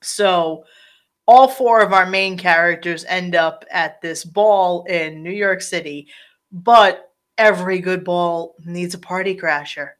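A woman's voice: fairly low pitch, slow pace. A woman in casual chat, rambling through a film scene and acting out the characters' lines. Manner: rambling, animated, acts out quotes. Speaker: podcast co-host discussing a film.

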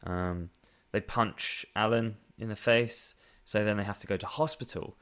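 Sarcastic man, lowish voice. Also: fairly even intonation, unhurried, fairly bright tone. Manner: sarcastic, exasperated, swearing. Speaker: podcast co-host. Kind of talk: casual comedic film review chat.

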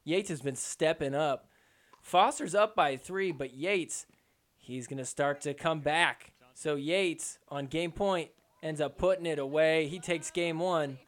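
A man hosting a podcast, recapping match highlights in a joking, excitable commentary style. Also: unhurried. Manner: excitable, joking, mimics players in quotes.

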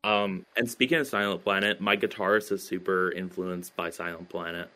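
A man's voice: low voice, fairly even intonation, normal speed, sharp tone. A man chatting as a podcast guest about his band, talking hesitantly with many fillers and restarts. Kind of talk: casual interview chat.

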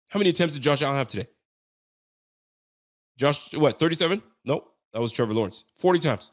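A man's voice: a little high, animated, fairly quick, pauses often. A young man hosting a sports show, venting in a heated postgame rant, slangy and repetitive. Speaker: sports podcast host.

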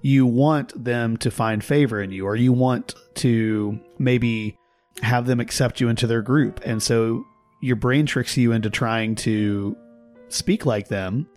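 A man from Texas, a linguist guest on a podcast, explaining his ideas in a measured, casual way, with faint music behind. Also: medium pitch, darkish tone. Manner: explanatory, measured, laughs at his own examples. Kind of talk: casual conversation.

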